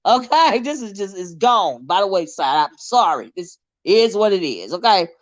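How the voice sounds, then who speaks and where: A woman's voice: medium pitch, big pitch swings, moderate pace, no echo. A woman hosting a casual live stream, laughing often, teasing her chat and getting sidetracked as she reads comments. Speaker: livestream host.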